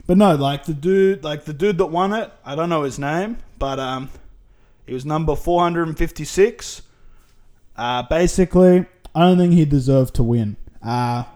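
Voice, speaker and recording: A man's voice: medium pitch, mellow. Rambling, sweary Australian man. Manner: rambling, sweary, goes off on tangents. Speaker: podcast host. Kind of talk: casual solo podcast monologue.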